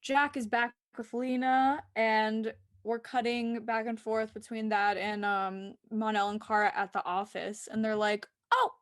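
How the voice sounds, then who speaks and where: A woman with a fairly high voice chats through a TV episode recap. She giggles often and acts out each character's lines. The sound is dry and close, with no room echo. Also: flat delivery, a little slow, few pauses. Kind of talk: casual chat.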